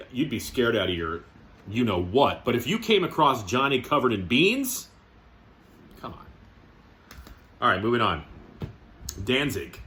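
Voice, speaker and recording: Chatty man with a bright voice. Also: deep voice, a little hiss or hum. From Canada. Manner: chatty, joking, fond of strong language. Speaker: record collector vlogger. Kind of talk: casual talk to camera.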